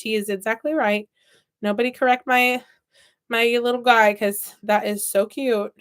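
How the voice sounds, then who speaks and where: A toy repair vlogger chats and tells playful stories while crafting with her hands. Her voice sits on the high side and is smooth and a bit bright. She speaks at a normal speed with fairly even intonation.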